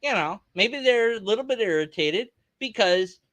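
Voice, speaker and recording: A man's voice: high voice, animated, moderate pace, fairly bright tone, dry recording. A man hosting a reaction video, ranting at a clip with sarcastic, exasperated, over-the-top comedy.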